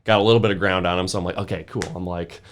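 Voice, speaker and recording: A young man with a fairly low voice spins a rowdy anecdote on a podcast. He laughs his way through it, tossing "like" into nearly every phrase as he talks. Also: racing, slight background noise. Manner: animated, laughing, full of "like" fillers. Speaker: podcast guest. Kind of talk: casual storytelling.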